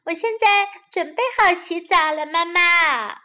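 A sweet little boy bunny bubbles along in a very high, sing-song voice, put on by a woman reading a storybook. He sounds eager and childlike, his pitch leaping all over the place. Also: big pitch swings, slow pace, fairly bright tone, full character voice. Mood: loving.

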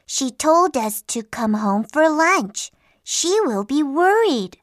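A tiny, timid boy frog from a children's storybook who keeps pleading to go home, played by a woman. His voice is high and bouncy with lots of rise and fall, and he speaks slowly. The recording is dry and close. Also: big pitch swings, no room sound, exaggerated voice. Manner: whiny, pleading. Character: small timid young male frog, eager to get home. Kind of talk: storybook acting.

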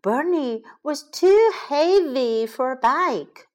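A woman teacher reading a children's storybook aloud in English and then retelling it, slow, clear and expressive. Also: high voice. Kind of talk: bilingual storybook read-aloud for kids.

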